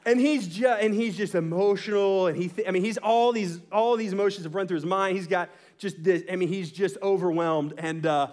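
A man with a high voice preaching a sermon as a pastor. He tells a story with lively energy, keeps checking in with "right?", and breaks into laughter along the way. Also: a little fast, few pauses. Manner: animated storyteller, asks "right?" often, laughs mid-story.

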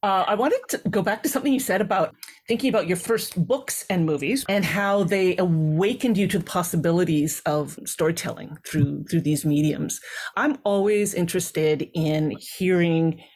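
Woman interview host, low-pitched, reflective, conversational. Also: normal speed, a little mellow. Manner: thoughtful, musing, uses frequent tag questions.

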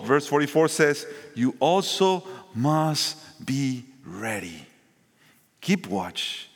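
A man preaching a sermon, shifting between loud emphasis and quiet asides. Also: medium pitch. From Mexico. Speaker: pastor. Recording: long hall reverb.

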